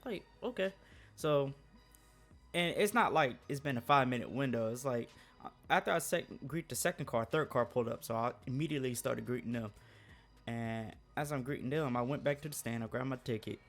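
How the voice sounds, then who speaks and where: A man's voice: medium pitch, a little fast, fairly bright tone, soft background music. A man telling a work story in a casual, slangy way, laughing often.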